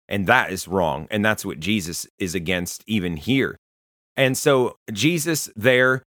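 A pastor, a man with a lowish voice, preaches in a relaxed, conversational manner and slips into stories about people he has met. The sound is dry and close, with no room echo. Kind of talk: sermon to listeners.

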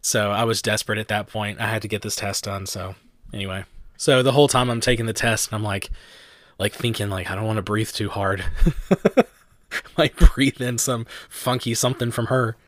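A young man, co-hosting a podcast and telling stories in a chatty, animated way. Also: fairly low pitch, normal speed, dry recording, clean studio sound. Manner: chatty storyteller, animated quotes, frequent "like". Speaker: podcast host. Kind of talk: casual chat.

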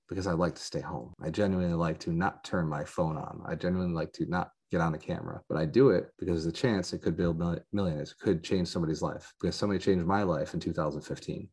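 Working as a business coach, a man delivers a fervent motivational sales pitch to a live audience, rallying them with repeated emphasis. His voice is a little mellow and slightly rough.

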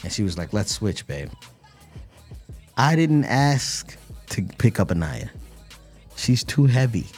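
A man's voice: mid-range voice, sing-song, a little slow, a little mellow, breathy edge, soft background music. A man in his thirties co-hosting a podcast, telling a playful story in casual chat. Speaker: podcast co-host.

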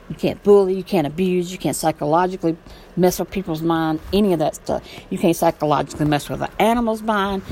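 A woman's voice: fairly low pitch, a little mellow, a little hiss or hum, low-quality recording. A woman talking straight to camera in a casual vlog, blunt, rambling and impassioned, swearing freely. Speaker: vlogger. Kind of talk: casual monologue.

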